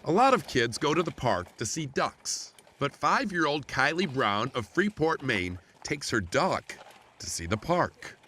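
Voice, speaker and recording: A male TV news reporter narrates a light feature story with a lively storytelling read. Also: fairly high pitch, a little slow, slight background noise.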